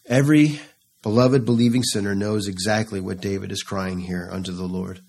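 Male preacher, sermon, low-pitched, slow measured delivery, fervent pleading. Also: fairly even intonation, a little mellow, slightly rough. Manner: slow, rising to fervent pleading in quoted psalms.

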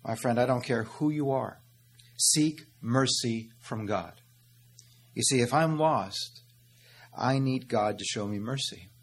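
A pastor delivers a sermon in a husky, breathy voice of ordinary pitch. He pleads earnestly with his congregation, poses rhetorical questions and answers them, and keeps calling them "beloved" and "my friend". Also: normal speed. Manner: earnest preaching, calls listeners "beloved" and "my friend".

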